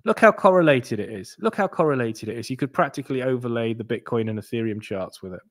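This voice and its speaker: A man hosts his own crypto channel and talks casually to his viewers. His delivery rambles, with many restarts and asides. He swings between low, mumbled stretches and sudden animated bursts. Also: quick pace.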